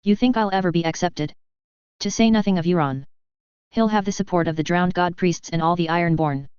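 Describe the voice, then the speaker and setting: A woman voicing a sharp young woman, a sarcastic sea-raider princess who speaks dryly and flatly, on a dull lo-fi recording. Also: lowish voice, fairly quick, clean tone, no echo, natural voice. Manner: dry, flat, sarcastic.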